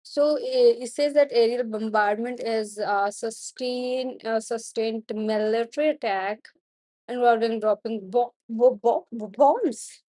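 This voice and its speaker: A young woman with an Indian accent reading the news aloud on a study stream, halting and stumbling over hard words and names. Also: on the high side, dark tone, dry recording, clean studio sound. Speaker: student streamer.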